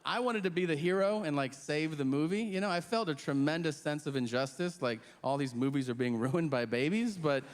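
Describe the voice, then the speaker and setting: A man doing stand-up comedy, telling a story in an animated, exasperated way and acting out outbursts, on a stage before a live audience. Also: a little high, fairly quick, few pauses, in a large hall. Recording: live stand-up set with loud crowd laughter. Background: audience laughter.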